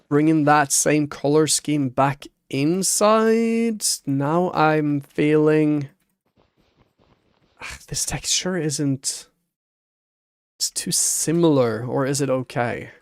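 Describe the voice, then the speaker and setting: Gaming streamer, male, slightly high voice, dry close mic, slow self-talk with hummed sound effects. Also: smooth, no echo. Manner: muttering to himself, humming sound effects like boom and ba ba ba. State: hiccuping. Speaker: Minecraft streamer. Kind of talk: casual gameplay commentary.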